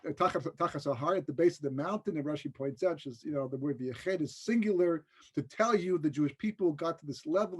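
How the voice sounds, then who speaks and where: A rabbi giving a conversational, joking Torah class in a webinar, often checking in with the listeners. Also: male voice, high voice, slightly rough. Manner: conversational and joking, with frequent rhetorical "right?". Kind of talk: casual Torah lecture over a webinar.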